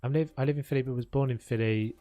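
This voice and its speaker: A man's voice: mid-range voice, fairly even intonation, fast talker, dark tone, no echo. A young man with a South London accent chatting casually on a live game stream, laughing often and trailing off mid-thought. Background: faint background music.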